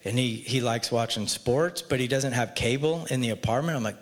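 An earnest man shares a personal faith story in a relaxed, conversational way. He speaks at normal speed with an ordinary middle pitch, and a long reverb suggests a large hall.

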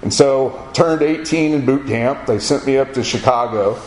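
A man's voice: mid-range voice, normal speed. Middle-aged Florida man, folksy yarn-spinner, roomy echo with faint hiss behind. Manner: folksy, animated storytelling with acted-out quotes. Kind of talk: casual spoken memoir. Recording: echoey room with faint ambient noise.

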